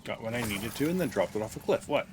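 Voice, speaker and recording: A man's voice: medium pitch, lively intonation, quick pace, background noise. A man casually commenting on his gameplay in a wry, offhand way, often muttering to himself. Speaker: streamer. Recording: game music loud underneath.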